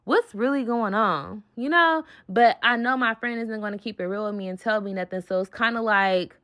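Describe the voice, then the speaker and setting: A woman's voice: mid-range voice, a little fast, sharp tone, clear, resonant tone. Woman telling a heated storytime. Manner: blunt, heated, heavy swearing. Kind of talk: casual storytime.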